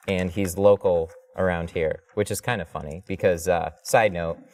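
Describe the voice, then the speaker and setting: Low-voiced man chatting on a headset. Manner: chatty, loose, swears when flustered. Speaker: window tint installer streaming live. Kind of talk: casual live-stream talk while working.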